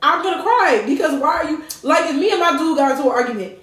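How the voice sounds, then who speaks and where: High-voiced woman, dramatic podcast chat. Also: lively intonation, fast, crowd noise. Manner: dramatic, playful, laughs often. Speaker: podcast co-host. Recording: roomy, from a distance.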